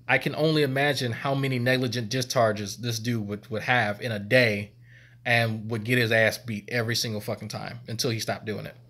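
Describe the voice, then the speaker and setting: A man's voice: medium pitch, level tone, brisk, a bit bright. A man, a former army medic, telling stories on a stream in a rambling, profane and laughing way. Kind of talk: casual storytelling on stream.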